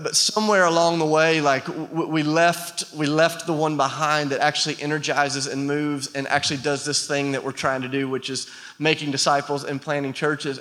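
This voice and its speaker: A man in his thirties preaching to a church, with a bright, ringing voice pitched a little high. He tells stories about himself with self-deprecating humor and builds to passionate calls to the congregation. His voice carries a long reverb from a large hall. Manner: storytelling, self-deprecating, rising to passionate appeals. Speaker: pastor. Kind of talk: sermon.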